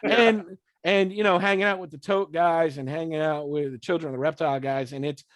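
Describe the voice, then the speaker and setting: A man with a voice on the high side talks briskly in a dry recording as he interviews a band for a podcast. The conversation is casual, with him swearing freely, laughing often, and acting out scenes in quoted voices.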